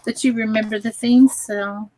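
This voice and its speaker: A woman hosting a casual crafting live stream, chatty and quick to laugh with friends. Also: on the high side, steady tone, dark tone, a little hiss or hum, rough recording.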